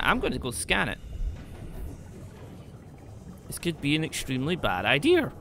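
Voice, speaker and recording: A man commentating his game play, excitable, talking to the creatures and shouting when he panics. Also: fairly high pitch, moderate pace, creaky, pauses often, a little hiss or hum. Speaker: gaming YouTuber.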